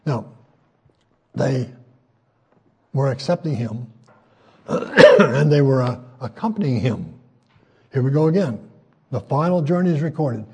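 An older man preaching a sermon in a folksy, conversational way, pausing often with fillers and raising his voice when he quotes scripture. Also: medium pitch, expressive, slightly rough. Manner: folksy, conversational, frequent hesitations; voice rises when quoting scripture.

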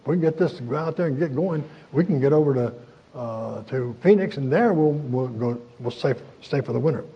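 Male preacher, husky, folksy and chuckling, older, dull lo-fi recording. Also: mid-range voice, expressive, a little fast. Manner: folksy, chuckling, many fillers. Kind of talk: sermon.

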